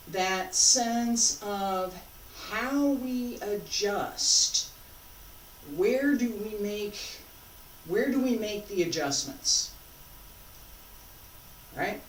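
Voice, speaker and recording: Woman teaching martial arts, slow calm cues, lots of questions, mic kinda far off. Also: medium pitch, slight background noise. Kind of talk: teaching while demonstrating. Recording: echoey room, voice from a distance.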